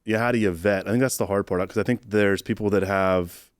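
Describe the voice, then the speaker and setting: Fast-talking low-voiced male co-host. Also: steady tone, clean tone, dry recording, clean studio sound. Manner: rambling, talks in long run-on thoughts. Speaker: podcast co-host. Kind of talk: casual podcast chat.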